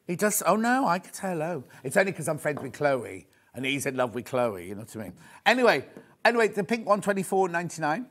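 A middle-aged man presenting a live shopping channel, chatty and excitable, often raising his voice. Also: fairly high pitch, fast. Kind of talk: live TV sales pitch. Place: TV studio.

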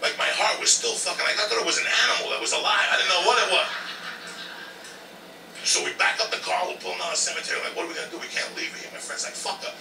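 A man's voice: high-pitched, racing, vocal fry, sharp tone, a little hiss or hum. A man, a comedian telling a profane story with bursts of laughter. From New Jersey. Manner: boisterous, swears constantly, laughs while telling. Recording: roomy clip played back from a distance with music.

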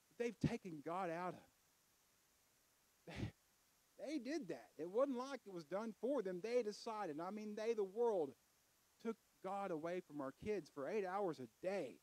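High-voiced folksy preacher man. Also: low-quality recording. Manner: folksy, builds to loud emphatic peaks. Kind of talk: sermon. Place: church.

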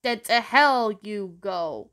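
A woman's voice: mid-range voice, expressive, takes it slowly, fairly bright tone. A woman voicing a murderous female cement mixer machine, screaming and menacing in a demonic way. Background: background music.

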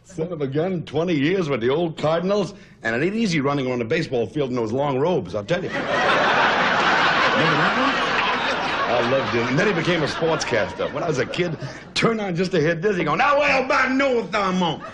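A man's voice: fairly high pitch, animated. A man from Brooklyn, firing off brash roast jokes on a noisy 1970s TV broadcast with an audience. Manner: brash, rapid-fire wisecracking. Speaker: comedian roaster.

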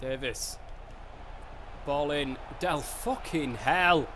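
Excitable, sweary English gaming commentator. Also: male voice, fairly high pitch, slow pace. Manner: excitable, swears a lot, shouts at the game. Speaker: gaming YouTuber. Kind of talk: live gameplay commentary. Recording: faint background noise.

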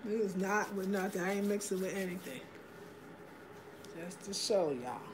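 A woman's voice: medium pitch, normal speed, background noise. A woman hosting a casual livestream from home, chatting upbeat and greeting viewers by name as she reads their comments. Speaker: livestream host.

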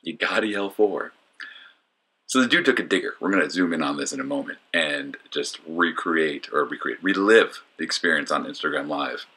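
A man's voice: extremely low pitch, animated, fairly quick, hardly any pauses, bright, forceful tone, breathy edge. A man giving casual voice-over commentary for his disc golf vlog, joking and mocking himself as he rambles with fillers.

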